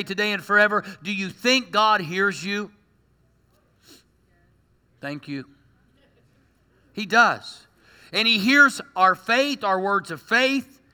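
A man preaching in a high voice that rings very bright and sharp. He delivers a sermon to his congregation with lively energy and slips joking asides between his points. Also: big-room sound. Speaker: pastor.

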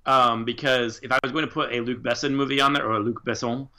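A man in casual conversation with a bright, forceful tone. He talks with real enthusiasm and swears freely, and his pitch sits in an ordinary middle range. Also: steady tone, fast talker. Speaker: podcast co-host. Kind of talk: casual chat.

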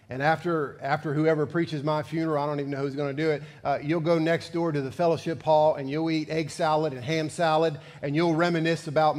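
Male pastor preaching with reverb. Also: on the high side. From Georgia, USA. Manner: folksy storytelling, building to emphatic peaks. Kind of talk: sermon. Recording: long church reverb.

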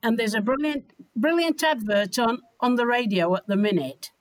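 A woman's voice: fairly high pitch, moderate pace, dry recording, poor audio. Yorkshire lady cohost, jokey teasing chat, dead dry mic. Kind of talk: casual radio chat.

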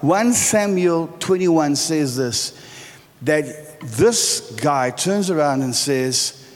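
A man's voice: a little high, animated, extremely slow. A middle-aged man from South Africa preaching a sermon in a large church, joking and quizzing the congregation. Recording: church hall reverb with faint music.

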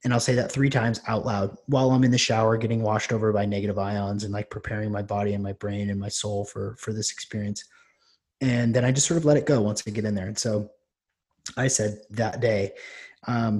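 Low-pitched man, podcast host, rambling storyteller, lots of restarts. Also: fairly even intonation, a little fast, darkish tone. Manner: rambling, many restarts and fillers. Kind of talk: casual storytelling.

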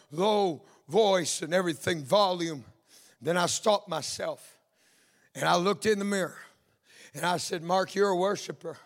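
A man preaching a sermon, full of amens and hallelujahs, building into shouted, sing-song exhortation. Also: high-pitched, long reverb tail.

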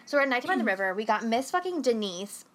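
A woman's voice: a little high, sing-song, fast, a bit bright. A young woman co-hosting a podcast in casual chat, blunt, joking and profane. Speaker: podcast co-host.

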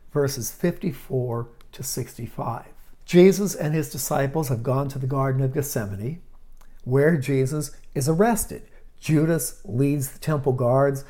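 Man retelling a Bible story, mellow tone. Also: fairly high pitch. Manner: dramatic retelling, swings from loud to hushed. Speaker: Bible teacher.

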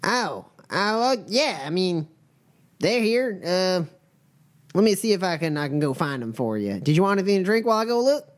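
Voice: medium pitch, very animated, moderate pace, pitched above the performer's own voice, lightly acted. A game master voicing a brusque tavern barmaid who keeps pushing drinks in a tabletop game role-play. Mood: pushy. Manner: pushy, keeps offering drinks.

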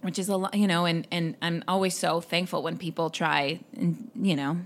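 A woman's voice: on the low side, steady tone, moderate pace. A woman hosting a podcast, talking casually and rambling with lots of fillers. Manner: rambling, full of "like" and "um". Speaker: podcast host.

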